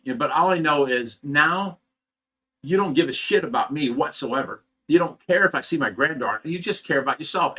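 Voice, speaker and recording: A man's voice: mid-range voice, sharp tone. A middle-aged man from Ohio who runs a fish rescue, venting at home in a casual, agitated monologue, stumbling over repeated words. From Ohio, USA.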